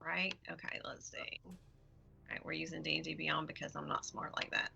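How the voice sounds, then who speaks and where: Gravelly, bright-voiced woman gamer. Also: low voice, level tone, normal speed, dull audio. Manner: hesitant, full of fillers and self-mocking laughs. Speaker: player. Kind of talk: playing a tabletop game.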